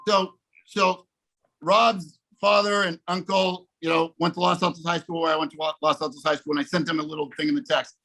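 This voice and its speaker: High-voiced man telling a story. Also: a little fast, poor audio. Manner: animated, restarts often, repeats "okay?". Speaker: guest speaker in a sales coaching session. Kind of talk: casual storytelling.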